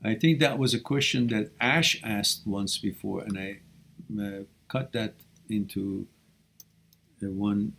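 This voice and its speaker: A man hosting a live question-and-answer stream, reading viewer questions aloud and answering them with blunt, animated tough-love advice. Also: lowish voice, slow, vocal fry. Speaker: live Q&A host giving relationship advice.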